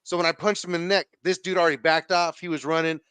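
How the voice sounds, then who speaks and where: A man's voice: a little high, fast talker, clean tone, no echo. A man casually telling a rowdy story as a podcast guest, slangy and profane, acting out the quotes. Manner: slangy, profane, animated retelling with acted quotes.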